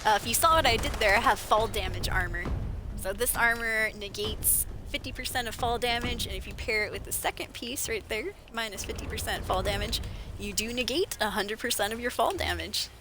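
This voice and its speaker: A woman streamer chatting casually while playing a game, animated storyteller who laughs often. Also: fairly high pitch, brisk. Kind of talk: casual gameplay livestream chat. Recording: game music behind voice. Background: game music.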